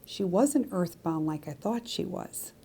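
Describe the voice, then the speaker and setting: Woman psychic talking straight to camera, kinda low voice, chatty and confiding. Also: animated, unhurried, dark tone, slight background noise. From Greek descent. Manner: chatty and confiding, with asides to the viewer. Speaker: psychic medium. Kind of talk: casual storytelling to camera.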